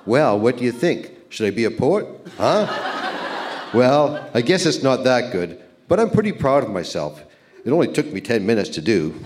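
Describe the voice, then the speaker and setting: A man's voice: mid-range voice, big pitch swings, moderate pace, darkish tone, a little hiss or hum. A man in his sixties reading his old love letters aloud on stage, playful and amused. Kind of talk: reading aloud to a live audience. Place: live event stage.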